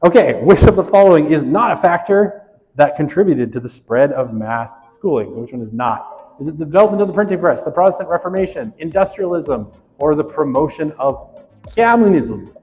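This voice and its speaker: A man's voice: a little high, brisk, darkish tone. A man leads a class through a quiz, reading each question and its options aloud. He talks in a casual, joking way. His voice carries a long echo, with faint music underneath. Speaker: instructor. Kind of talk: lecture quiz review.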